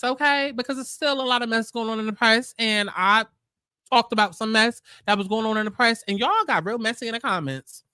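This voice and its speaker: Sassy woman host with a bright edge. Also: a little high, fairly quick, smooth, no room sound, clean studio sound. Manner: sassy, repetitive, confrontational. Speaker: commentary channel host. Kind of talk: casual commentary rant.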